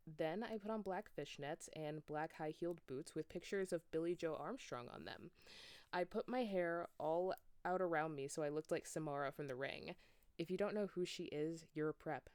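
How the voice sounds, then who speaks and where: A woman's voice: sits low, normal speed, a little mellow, clean tone, no echo. A woman giving a comedic, mock-dramatic reading of fan fiction, sometimes exasperated.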